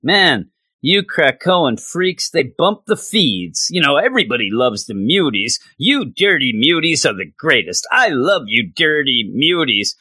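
A man doing Mojo, a high sneering alien villain. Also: big pitch swings, measured pace, sharp tone, husky, no echo, clean studio sound, heavily acted. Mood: gloating. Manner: mocking, sneering comic voice. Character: sleazy alien male TV-boss villain, crude and gloating.

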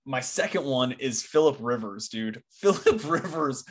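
An excitable young man co-hosting a sports podcast in loose, casual chat. He peppers his talk with "dude" and "like", at a middle pitch for a man. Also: measured pace. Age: young adult. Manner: excitable, says "dude" a lot. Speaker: podcast co-host.

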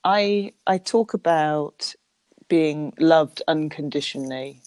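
A woman interviewing a guest, asking gentle, reflective questions. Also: low-pitched, slow, no room sound.

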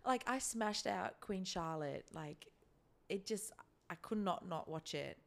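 A woman's voice: mid-range voice, animated, unhurried, vocal fry. A young woman co-hosting a casual podcast, chatty and swearing freely as she drifts off on tangents. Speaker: podcast co-host. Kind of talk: casual chat.

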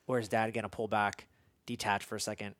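A man's voice: lowish voice, little pitch movement, a bit bright, dry recording. Reflective man with a dry sound. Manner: reflective, halting, frequent restarts. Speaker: podcast host. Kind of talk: conversational interview.

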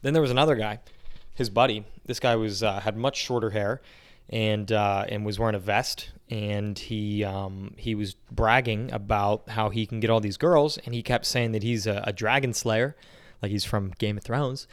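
Rambling storytelling man, smooth voice. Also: on the low side, fairly even intonation, normal speed. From Pittsburgh area, Pennsylvania. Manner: rambling, anecdotal, many fillers like "you know what I mean". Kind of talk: casual storytelling.

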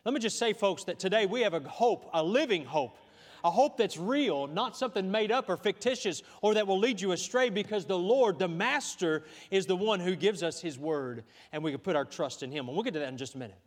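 Male pastor, sermon, folksy and conversational, high voice, long church reverb. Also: expressive, brisk. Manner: folksy preaching with asides and restarts. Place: church sanctuary.

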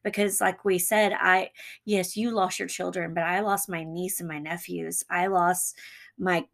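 Brief: woman co-host, low gravelly voice, supportive, casual chat. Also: level tone, a bit bright. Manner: supportive, quick agreeing interjections. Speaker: podcast co-host.

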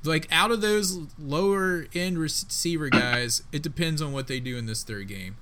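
A man with a bright, somewhat high voice co-hosts a casual football chat. He talks emphatically and excitably, with plenty of slang. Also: moderate pace, slight background noise. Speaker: podcast co-host.

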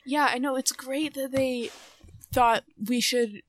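A young adult woman co-hosting a podcast, chatting casually with lots of fillers and drawn-out phrases. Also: high-pitched, steady tone, no echo. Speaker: podcast co-host.

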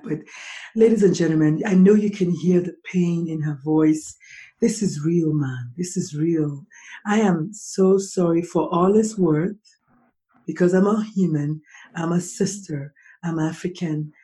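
A Nigerian woman hosts a conversational podcast interview, speaking with empathy and thinking aloud through rhetorical questions. Her voice is fairly low, unhurried and dark in tone.

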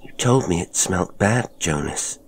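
A man voicing a curious, wary village woman who speaks in hushed, whispered tones in an audio horror story. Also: sits low, animated, measured pace, vocal fry, slightly rough, exaggerated voice.

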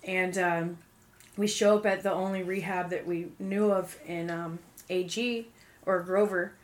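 A woman's voice: on the low side, a little slow. A young woman casually telling a personal testimony, full of fillers and acted-out quotes. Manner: fillers like "um" and "like", animated quoting. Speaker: guest sharing testimony. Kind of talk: casual storytelling.

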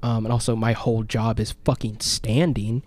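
A man co-hosting a casual radio talk show, telling an animated story full of swearing, shouting out the dramatic parts. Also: fairly low pitch, normal speed. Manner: animated, swearing, acts out his own yelling in the story.

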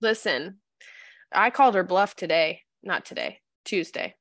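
A woman co-hosting a casual podcast chat, an animated storyteller who acts out the voices of the people in her stories. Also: lowish voice, measured pace, dry recording, clean studio sound. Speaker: podcast co-host.

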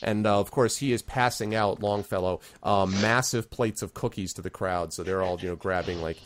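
A man's voice: low-pitched, moderate pace, no room sound. Man narrating as game master. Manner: loose narration with many fillers.

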